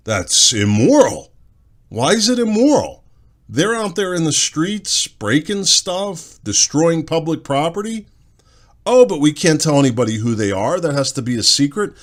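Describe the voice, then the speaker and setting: A man with a fairly low voice hosts a talk podcast. He delivers a blunt, sarcastic opinion monologue. He keeps firing off rhetorical questions. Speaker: podcast talk show host.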